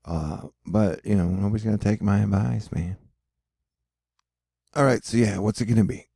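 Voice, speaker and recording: A man's voice: lowish voice, fairly even intonation, moderate pace, vocal fry, dark tone, slightly rough, dry recording, studio quality. A man hosting his own video, rambling casually over weather maps, swearing and joking and losing his thread. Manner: rambling, profane, jokey, loses his train of thought. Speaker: weather and space video host.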